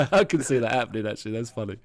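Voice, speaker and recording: A man's voice: medium pitch, lively intonation, quick pace. A man in his thirties, telling rambling, sweary stories in a casual podcast chat over an online call. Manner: rambling, sweary storytelling with frequent laughs. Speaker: podcast host.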